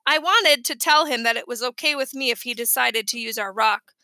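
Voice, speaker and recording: Woman, audiobook narration, lively and expressive, high-pitched, dry close recording. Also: brisk, no echo. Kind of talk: first-person audiobook narration.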